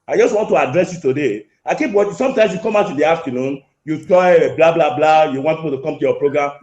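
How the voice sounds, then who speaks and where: A man's voice: fairly high pitch, animated, very fast, darkish tone. A man calling in to a show with an angry complaint, repeating himself and talking over the host. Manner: repetitive, insistent, interrupting. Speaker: caller. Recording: echoey lo-fi phone call.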